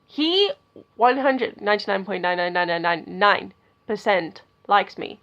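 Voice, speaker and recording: Young woman vlogger, casual and animated, filler-heavy, middle-pitched voice, slightly dull lo-fi audio. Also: a little slow. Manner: animated, gets loud and giggly when excited; chatty, filler-heavy, with lots of "like" and "okay". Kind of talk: casual storytelling to camera.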